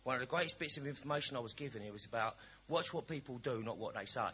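A man's voice: medium pitch, quick pace, pushed and bright, a little hiss or hum. A man giving a frank, humorous personal testimony at a recovery meeting. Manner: candid, storytelling, cheeky humour.

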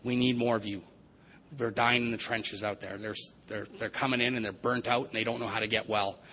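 Earnest, bright-voiced man preaching. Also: on the low side, steady tone, a little fast, a little hiss or hum, rough recording. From Vancouver area, Canada. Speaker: recovery meeting speaker. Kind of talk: recovery testimony speech.

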